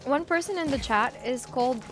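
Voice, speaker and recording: A woman's voice: sits high, animated, a little fast, over music. A young woman from Bulgaria with a Bulgarian accent, chatting casually with her chat while livestreaming a game, teasing and reading messages aloud. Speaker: streamer.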